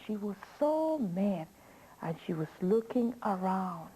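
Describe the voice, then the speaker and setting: Slow-reading woman telling a children's story. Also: mid-range voice, very animated, dark tone, a little hiss or hum, low-quality recording. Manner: slow, drawn-out with questions to the listener.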